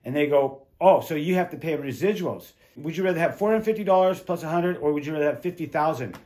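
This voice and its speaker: A middle-aged man and former windsurfer telling stories casually in an interview, animated and acting out quoted voices. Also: fairly high pitch, fast, slight background noise. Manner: animated, swearing, acts out quotes.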